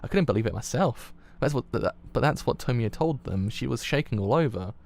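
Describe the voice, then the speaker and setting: A man reading the lines of a worried male schoolboy friend, giving hurried, urgent warnings in his own voice. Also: mid-range voice, lively intonation, gravelly, darkish tone.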